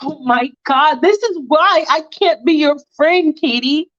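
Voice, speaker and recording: A woman's voice: high voice, lively intonation, measured pace, a bit bright, dull audio. A woman voicing an angry, cold-hearted teenage girl who cusses and cuts her friend down. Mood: furious. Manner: cutting, cussing, furious.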